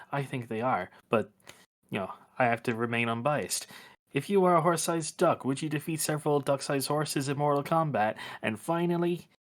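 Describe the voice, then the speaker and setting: A hardboiled detective in a tabletop game, as a man puts him on, rattling off one silly question after another in a tough-guy tone. The voice sits at a middling male pitch. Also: a bit bright, lightly acted. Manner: rapid-fire interrogating, goofy.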